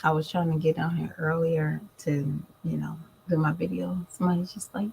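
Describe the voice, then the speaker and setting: Gravelly-voiced woman chatting to viewers. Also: sits low, moderate pace, slight background noise, low-quality recording. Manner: chatty, animated storytelling, addresses viewers as y'all. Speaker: vlogger and mother. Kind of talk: casual chat to viewers.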